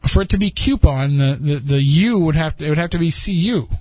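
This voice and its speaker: A man's voice: a little high, quick pace, darkish tone, no room sound. A man hosting a podcast, chatting casually and rambling with frequent restarts. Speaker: podcast host. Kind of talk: casual chat.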